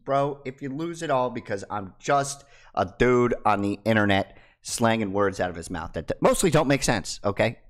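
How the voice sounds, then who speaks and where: A young man runs a crypto YouTube channel, talking casually to camera in an expressive, mid-range voice that's a little fast. He teases his viewers and swings from loud bursts down to hushed asides.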